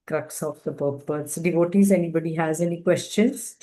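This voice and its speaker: A woman's voice: sits low, normal speed, mellow. A woman moderating an online class over a video call, politely thanking the teacher and inviting questions. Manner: grateful, polite.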